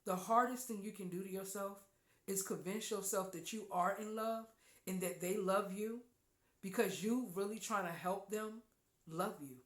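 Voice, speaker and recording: A woman hosting a podcast, giving an emphatic, preachy spiritual talk with loud exclamations. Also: mid-range voice, roomy sound. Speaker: podcast host.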